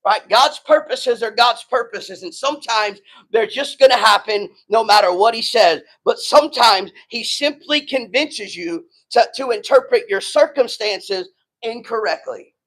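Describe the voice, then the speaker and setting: A man's voice: very high voice, lively intonation, a little slow, a bit bright, poor audio. A man preaching a sermon in a casual, emphatic way, often checking in with the congregation. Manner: emphatic, conversational preaching with frequent "right?" and "man". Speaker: pastor.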